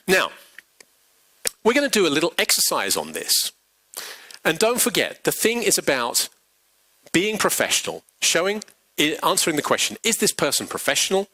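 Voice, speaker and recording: A man giving a pitch coaching workshop, animated and acting out example quotes. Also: no echo, low-quality recording. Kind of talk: workshop talk. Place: large workshop venue.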